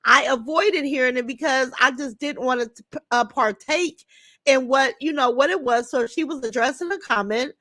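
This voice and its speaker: Fiery older woman with a high voice. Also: moderate pace, a bit bright, no echo. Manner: blunt, heated, swears freely. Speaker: livestream host. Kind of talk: casual livestream talk reading chat comments.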